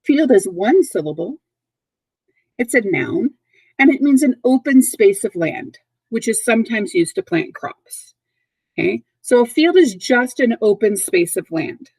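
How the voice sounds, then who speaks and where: A woman's voice: on the high side, sing-song, measured pace, a little mellow, breathy edge, no echo, low-quality recording. A woman teaching a recorded vocabulary lesson to young kids, patient and repetitive, checking in often. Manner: patient, repeats words and checks in with okay. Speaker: third grade teacher.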